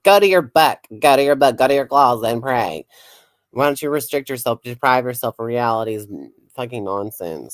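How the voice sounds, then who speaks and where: A man with a lowish voice chats loosely on his livestream as a psychic host. He rambles and swears freely, laughs often and reads comments aloud. The sound is close and dry. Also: no room sound. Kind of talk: casual livestream chat.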